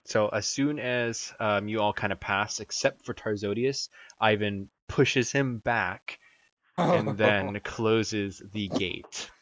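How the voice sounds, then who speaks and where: A man narrating a tabletop game as game master, halting with many fillers. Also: lowish voice, a bit bright, slight background noise. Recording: dull dry sound.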